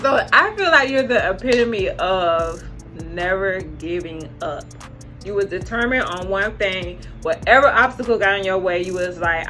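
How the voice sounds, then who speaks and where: Host, woman, encouraging, bright forward tone. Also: mid-range voice, lively intonation, normal speed, soft background music. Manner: encouraging, lots of affirming "right". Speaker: interview host. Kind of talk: casual interview.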